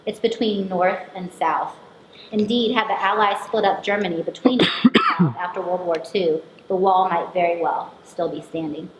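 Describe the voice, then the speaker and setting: A woman from the United States, performing an autobiographical piece in measured, introspective narration. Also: fairly low pitch. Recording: echoey room recording, faint hiss.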